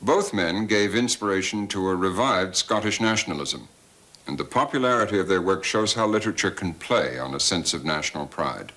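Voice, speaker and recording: A middle-aged man narrating a documentary as host, measured and expressive. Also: deep voice, no echo. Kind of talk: scripted narration.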